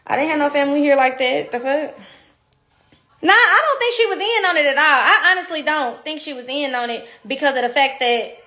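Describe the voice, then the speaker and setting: A woman in her thirties telling a story in a casual, animated and profane way, laughing often. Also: high voice, a little fast. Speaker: podcast guest.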